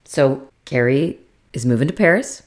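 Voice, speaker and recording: A woman co-hosting a casual podcast chat, recapping a TV series and acting out the characters' lines with big leaps in pitch. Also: normal speed. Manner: animated retelling, acts out quotes with big pitch jumps. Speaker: podcast co-host.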